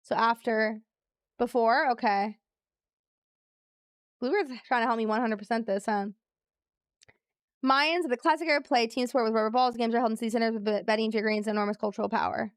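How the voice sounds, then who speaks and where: Chatty woman streamer, slightly high voice. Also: fairly even intonation, brisk, long pauses, smooth, no echo, studio quality. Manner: chatty, reads game text aloud, talks to chat, laughs easily. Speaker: live streamer. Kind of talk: casual live-stream chat while playing a trivia game.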